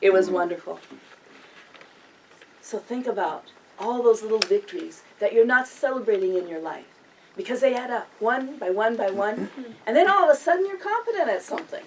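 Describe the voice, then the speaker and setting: A woman's voice: mid-range voice, animated, normal speed, a little hiss or hum. An older woman giving a humorous storytelling speech, often chuckling through her own anecdotes. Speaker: public speaker. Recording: distant mic with faint room ambience.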